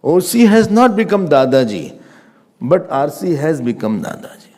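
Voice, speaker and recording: A man's voice: a little high, big pitch swings, normal speed, a little mellow. A man giving a scripture class lecture as a Vedanta teacher, patiently repeating his points for emphasis.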